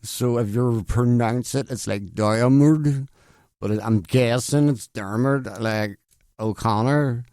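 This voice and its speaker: A man's voice: medium pitch, fairly even intonation, a little slow, darkish tone, no echo, studio quality. A man hosting a late-night radio show in casual chat, rambling and self-deprecating, stumbling over names. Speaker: radio host. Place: radio studio.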